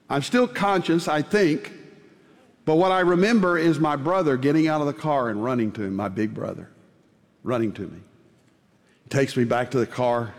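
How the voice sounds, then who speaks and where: Man preaching with a hall echo. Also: medium pitch. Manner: storytelling, playful asides. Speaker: pastor. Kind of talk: sermon with personal story.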